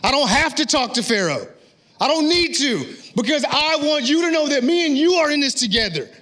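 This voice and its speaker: A man's voice: extremely high pitch, sing-song, a little fast, bright, forceful tone, pitched above the performer's own voice, exaggerated voice. A man voicing God as He speaks to Moses, fervent and emphatic with a raised voice.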